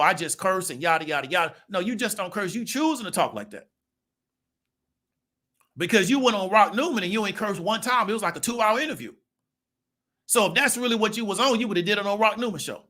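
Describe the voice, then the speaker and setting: A man's voice: sits high, pushed and bright. A man hosting his channel, telling life stories in a loose, conversational way and checking in with the listener with "right?" and "you feel me?". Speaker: channel host. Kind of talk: casual storytelling monologue.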